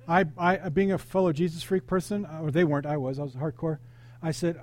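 A male pastor delivering an animated sermon, calling out questions to the congregation and telling personal stories. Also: a little high, a little fast, long pauses. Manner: animated, interactive preaching with congregation call-outs.

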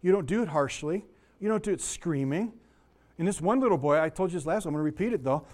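Talking fast in a high but darkish, expressive voice, a middle-aged man leads a Bible lesson. It's an easygoing talk full of asides and anecdotes, delivered with a slightly sore voice.

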